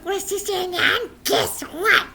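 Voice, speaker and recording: A woman voicing an excitable little boy puppet who squeals, giggles and shouts with excitement. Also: extremely high pitch, unhurried, creaky, slight background noise, pitched above the performer's own voice, full character voice. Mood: thrilled.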